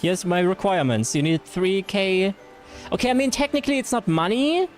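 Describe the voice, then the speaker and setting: A German-accented man chats away during a game livestream, his voice sitting a little high and bouncing up and down. He rambles with fillers and restarts and answers chat as he plays, with music running faintly underneath. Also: expressive, normal speed. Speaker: streamer. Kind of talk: casual gameplay livestream chat.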